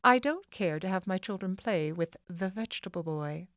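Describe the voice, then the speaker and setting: A woman's voice: fairly low pitch, lively intonation, moderate pace, no echo, studio quality, lightly acted. A woman voicing a haughty wealthy mother in an audiobook, speaking coldly and sharply. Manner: cold, sharp, scornful. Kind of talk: audiobook character voice.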